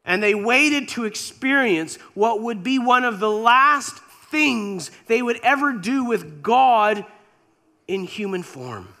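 High, slow-speaking male preacher. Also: expressive, bright, forceful tone. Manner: slow, imaginative, dramatic retelling. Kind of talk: sermon storytelling.

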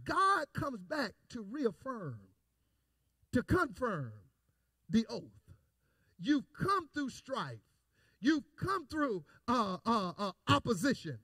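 A male pastor preaching a call-and-response sermon, repeating phrases and building to shouted emphasis. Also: very high voice, very animated, slow pace, pauses often, slightly rough, dry recording, clean studio sound.

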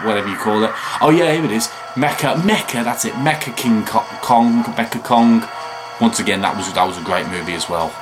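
A tired man hosting a video reaction, rambling and chatting with frequent excited remarks and laughs. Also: medium pitch. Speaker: reaction channel host. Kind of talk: casual video reaction commentary.

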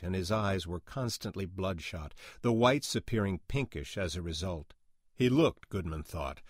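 A man narrating a story in a measured, even reading style. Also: deep voice, no echo, studio quality. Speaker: reader.

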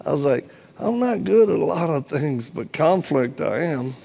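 A middle-aged man with a fairly high, gravelly voice preaches in a church at a moderate pace, with a little hiss or hum in the background. His sermon is full of funny stories, and he animatedly jokes and acts out the other people's lines.

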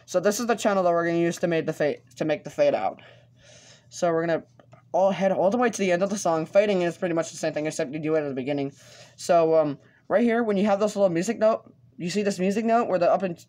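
Guy doing a casual screen tutorial on his computer mic, lots of um and restarts, kinda halting. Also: on the high side, darkish tone. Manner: hesitant, halting, with many fillers and restarts. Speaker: tutorial host.

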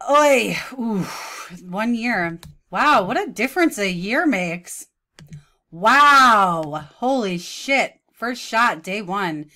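A woman's voice: medium pitch, animated, takes it slowly, a bit bright. A woman in her thirties giving mocking, sarcastic reaction commentary, often breaking into laughs. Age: 30s.

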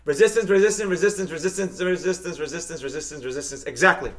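A high-pitched, bright-toned man runs a live market lesson for his viewers. His talk is hyped and repetitive, and he keeps answering chat comments as he goes. He chants his catchphrases again and again. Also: fast talker. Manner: talks straight to viewers, reading their comments. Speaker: trading teacher hosting a live stream.

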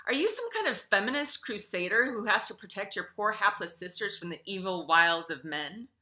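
An indignant young male French revenant, as a woman reads him aloud, defensive and exasperated. His voice swings widely in pitch and rings bright. It is a storybook reading, told plainly. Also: lively intonation, fairly quick.

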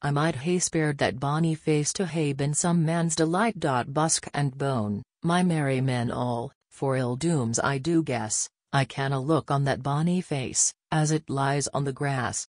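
A man's voice: medium pitch, unhurried, few pauses, no echo, studio quality, lightly acted. A man voicing a ruthless male raider chief in his plain reading voice. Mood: grim.

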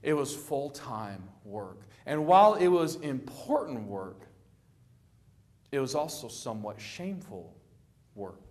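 A middle-aged man preaching a sermon, telling the story with lively acted-out quotes and a plain conversational manner. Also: slow pace. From Florida. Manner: animated storytelling, acting out quoted lines with rising pitch.

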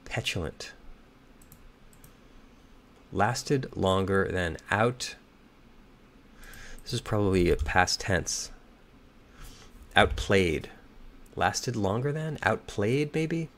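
A slightly hoarse man thinking aloud as he solves a crossword, reading clues and muttering and second-guessing his answers. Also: lowish voice, lively intonation, very slow, long pauses, fairly bright tone. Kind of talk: thinking aloud while solving.

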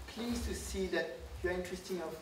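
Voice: medium pitch, moderate pace. Speaker with a French accent, unamplified. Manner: unamplified, speaking up to a full room, light laughs. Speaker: guest speaker. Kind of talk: lecture followed by Q and A. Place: university lecture room. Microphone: no microphone, recorded from far off. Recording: roomy, distant, noisy with no microphone.

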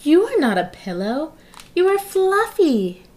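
An eager lion detective who is crazy about food, as a woman reading a storybook puts him on. He stretches his words out in a slow, playful way, with a fairly high voice. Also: expressive.

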